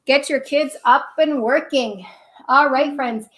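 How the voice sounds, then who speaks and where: High-voiced kids yoga teacher. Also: female voice, slow pace, reverberant, distant mic. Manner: upbeat, warm to kids, repeatedly says "friends". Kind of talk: live-streamed story-time yoga class.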